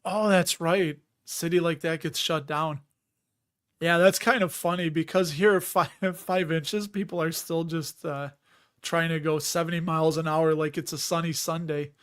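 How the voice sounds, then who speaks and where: A man's voice: fairly high pitch, fairly even intonation, moderate pace, clear, resonant tone. A middle-aged man casually chatting on a livestream, reading viewer comments, laughing often and restarting words. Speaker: livestream host.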